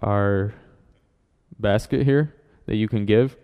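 A man's voice: fairly low pitch, slow, smooth, phone-quality sound. A man leading a church service, making announcements and calling people up to share, encouraging and using frequent fillers.

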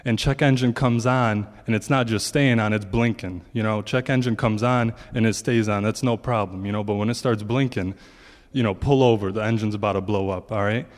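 A man's voice: fairly low pitch, fairly even intonation, a little fast, few pauses, big-room sound. A man giving a casual testimony to a congregation, telling a long story in a chatty way and quoting his own thoughts.

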